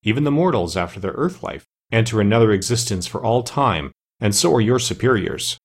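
An ancient, bearded master of all forests speaks with calm, stern authority, as a male narrator puts him on. The voice sits low and carries a husky grain. Every word is measured and grave.

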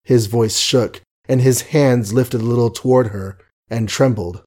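A man reading a novel aloud as an audiobook narrator, measured, wry and ornate. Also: mid-range voice, steady tone, mellow.

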